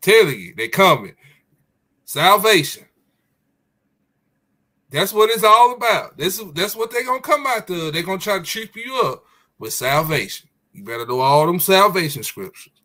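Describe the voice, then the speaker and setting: Bright-voiced preachy man. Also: high-pitched, very animated. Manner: preachy, emphatic, drawn-out stresses. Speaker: podcast co-host. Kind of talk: casual religious discussion.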